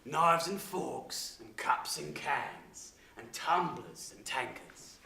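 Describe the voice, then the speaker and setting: A man's voice: medium pitch, sing-song, slow, gravelly, sharp tone, heavily acted. A young man playing a chatty innkeeper who rambles and repeats a pet phrase. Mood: conspiratorial. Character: chatty male innkeeper, in on a robbery. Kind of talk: stage acting in a school play. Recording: echoey hall with audience.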